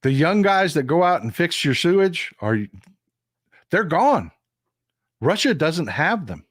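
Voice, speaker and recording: A man's voice: on the high side, sing-song, a little slow, no room sound, studio quality. A man hosting a casual political commentary livestream, folksy and repetitive, talking straight to his chat.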